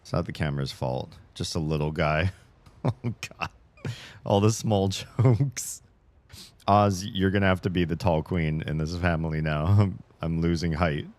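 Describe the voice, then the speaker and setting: A man with a low, deep voice chats casually on a livestream from his home desk, ranting in an animated, exasperated way. He reads chat messages aloud and answers them. His voice is close and dry on a desk streaming mic. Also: measured pace, no echo.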